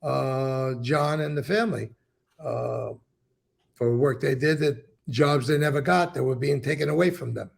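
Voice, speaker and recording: A man as an interview guest, recounting and explaining events with emphatic, animated storytelling. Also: medium pitch, measured pace, creaky, husky.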